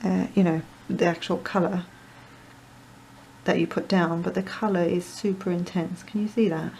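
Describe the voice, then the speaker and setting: Crafter woman, mellow and gravelly, rambling tutorial chat with muttered asides. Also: lowish voice, fairly even intonation, normal speed, a little hiss or hum, rough recording. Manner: rambling, chatty, self-deprecating asides, muttering to herself. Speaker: card-making crafter.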